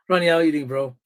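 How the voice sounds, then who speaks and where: A man hosting a debate livestream, talking in a brisk, informal way and cutting in to steer the chat. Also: fairly high pitch, rough recording. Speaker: livestream host. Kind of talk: casual debate-stream hosting.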